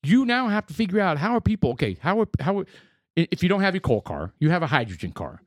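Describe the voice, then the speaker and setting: Animated man co-hosting a podcast. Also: sits high, fast, dry recording, studio quality. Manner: animated, emphatic, repeats himself. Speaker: podcast co-host. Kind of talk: casual banter.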